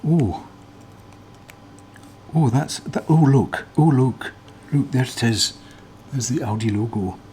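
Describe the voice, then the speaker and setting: A man putting on an accent to play a cheery middle-aged electronics tinkerer, breaking into excited exclamations in a teardown video. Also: lowish voice, slow, slight background noise. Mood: delighted. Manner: excited exclamations, peering into gadget.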